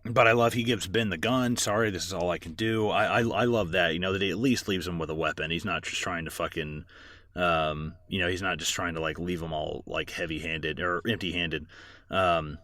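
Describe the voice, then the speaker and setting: A man's voice: low voice, fairly even intonation, normal speed, sharp tone, no echo. A man co-hosting a casual movie podcast, rambling through plot recaps with lots of fillers and swearing. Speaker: podcast co-host.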